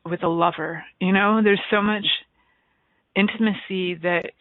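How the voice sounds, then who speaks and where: A woman's voice: mid-range voice, steady tone, a little slow, no echo. A woman hosting a radio talk show, playful and bubbly as she jokes with her guest. Her voice is thin and tinny, like a phone line, with a dry sound. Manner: joking and bubbly. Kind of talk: playful casual chat.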